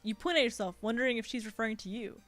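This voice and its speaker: A woman's voice: a little high, racing, fairly bright tone, soft background music. A woman streamer reading a visual novel aloud, adding giggly, sweary asides. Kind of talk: reading a game aloud with commentary.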